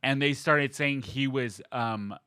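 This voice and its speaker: A man's voice: medium pitch, slow, bright, forceful tone, clean tone, no echo, clean studio sound. A man co-hosting a podcast in casual chat, playful and teasing, often laughing. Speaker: podcast co-host.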